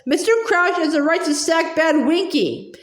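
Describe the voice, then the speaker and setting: A woman voicing a tearful, shrill female house-elf fiercely loyal to her former master. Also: moderate pace, echoey room. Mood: distraught. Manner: shrill, squeaking and crying.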